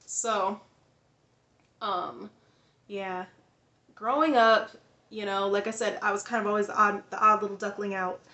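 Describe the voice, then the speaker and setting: A woman's voice: mid-range voice, steady tone, unhurried, pauses often, pushed and bright, reverberant. A woman vlogger telling a personal story in a casual, rambling way, full of fillers, restarts and frequent laughs.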